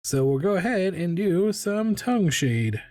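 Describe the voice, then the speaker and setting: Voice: mid-range voice, sing-song, unhurried, darkish tone, no echo. Chatty streamer rambling while drawing, dry sound. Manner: chatty and self-deprecating, many fillers and repeated words, hums and laughs. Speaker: live-streaming artist.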